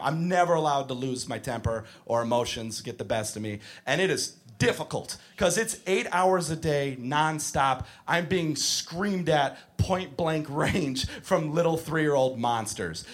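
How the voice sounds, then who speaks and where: A man performing stand-up in a club, his voice sitting high and swinging widely. He rants crudely and breaks into shouts. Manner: animated, shouting mock rants with crude language. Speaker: stand-up comedian. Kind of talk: stand-up comedy set.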